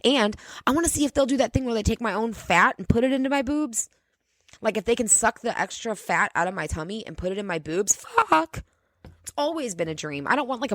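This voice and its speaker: A woman's voice: medium pitch, dry recording. A woman rants on her own podcast, swearing freely and laying on the sarcasm. Her voice sits in a middle range and is recorded dry and close, with no room sound. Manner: profane, sarcastic, animated ranting. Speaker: podcast host. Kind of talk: ranting solo podcast.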